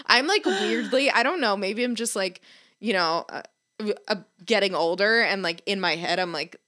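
A woman's voice: medium pitch, normal speed, bright, forceful tone. A young woman co-hosting a podcast, chatting casually, rambling and self-mocking, laughing often. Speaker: podcast co-host. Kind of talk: casual chat.

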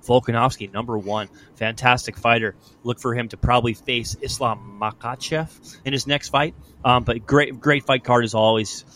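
A man's voice: medium pitch, moderate pace, few pauses, slight background noise. Young guy hosting a podcast, swears a lot, gets worked up telling fight stories. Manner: loose, profane, animated storytelling. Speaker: podcast host. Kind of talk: casual sports chat.

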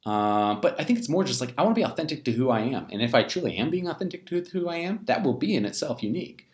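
Speaking fast and with lots of animation, this medium-pitched young man from the U.S. is hosting a live talk on personality. His explanation of the types wanders, leans on self-deprecating jokes, and keeps stalling with fillers and fresh starts, all in a roomy, echoing space.

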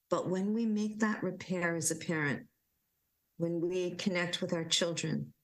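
A woman leading a guided relaxation talk at home, giving slow, soothing instructions with gentle repetition. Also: on the low side, low-quality recording. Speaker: parenting coach leading calming exercises.

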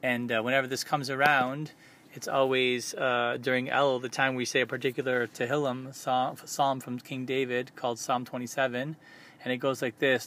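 A man hosting a podcast who gives a soft-spoken, unhurried religious teaching in a thoughtful tone. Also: mid-range voice, flat delivery. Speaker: podcast host.

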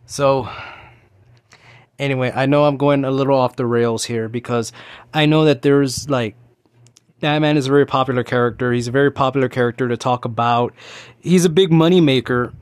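A man's voice: medium pitch, steady tone, moderate pace, clean tone, dry recording, studio quality. A man in his thirties hosting a casual solo talk show, rambling and ranting, with many restarts and fillers. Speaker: podcast host.

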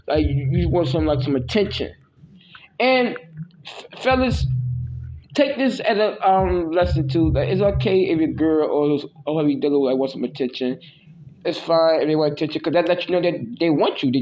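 A man's voice: on the high side, normal speed, darkish tone. A man hosting a solo podcast, talking bluntly and crudely with many restarts and repeats. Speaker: podcast host. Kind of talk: casual solo podcast monologue. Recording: dull lo-fi with faint hiss.

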